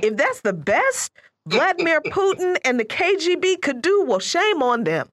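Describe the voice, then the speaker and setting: This woman co-hosts a political talk radio show with an animated, emphatic delivery. Her pitch moves widely and expressively. The recording is dry and close, with no room sound. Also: normal speed, no room sound. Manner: animated, emphatic, laughs mid-sentence.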